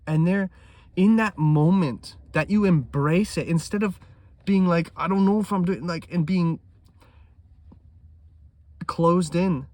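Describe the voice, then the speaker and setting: A high-pitched man speaks slowly and pauses often in an intense trading vlog, swinging from loud emphasis to hushed talk and swearing freely. The recording has no echo.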